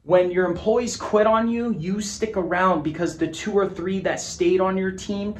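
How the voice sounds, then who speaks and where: Man, business coach, fairly high voice, punchy, emphatic, repeats himself, talking to camera indoors. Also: steady tone, normal speed, few pauses, a little hiss or hum. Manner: punchy, emphatic, repeats phrases, swears casually. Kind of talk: motivational talk to camera. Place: indoor office with a whiteboard. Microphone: camera mic.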